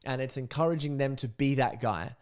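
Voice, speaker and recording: A man's voice: mid-range voice, brisk. A young adult man hosting a podcast, coaching men in a casual monologue, blunt and profane, joking and acting out sample dialogue. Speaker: podcast host, men's coach.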